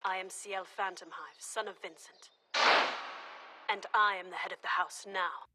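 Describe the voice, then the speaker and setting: A woman plays a proud young boy lord in an anime, cold and clipped, with a bright voice. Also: mid-range voice, fairly even intonation, moderate pace. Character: haughty twelve-year-old boy lord.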